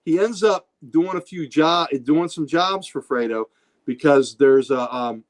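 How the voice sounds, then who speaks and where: A man's voice: fairly high pitch, measured pace. A middle-aged man hosting a podcast, retelling comic book scenes in casual, enthusiastic chat. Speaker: podcast host.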